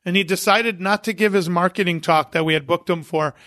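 A man, an event promoter, telling lively stories as a guest on a podcast and acting out what people said. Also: high voice, fairly quick, no echo, studio quality. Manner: animated anecdote-teller who acts out quotes. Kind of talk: casual interview storytelling.

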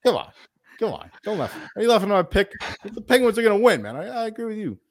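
A man's voice: high voice, sing-song, fast talker, dry recording, clean studio sound. A tipsy man co-hosting a casual sports podcast, swearing and teasing his co-host. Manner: profane, teasing. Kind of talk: casual chat.

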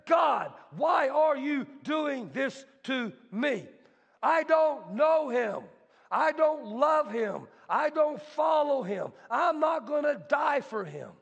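A man voicing a desperate, guilt-stricken apostle who shouts curses and cries out in remorse, acted inside his sermon. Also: high-pitched, slow pace, few pauses, muffled recording. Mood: cursing anguish. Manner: shouting, pleading, cursing. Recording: long hall reverb.

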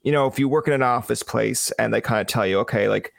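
A man's voice: medium pitch, fast, vocal fry, no echo, clean studio sound. Chatty man. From Newfoundland. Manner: chatty, with many likes and hedges. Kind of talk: casual podcast chat.

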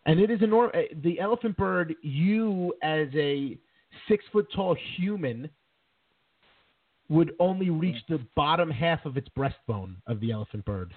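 A man co-hosting a casual podcast, rough and husky in tone, launching into animated mock-dramatic rants. His voice comes through thin and tinny, like over a phone line, with no room sound at all. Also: fairly high pitch, unhurried, no echo. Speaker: podcast co-host. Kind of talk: casual chat.

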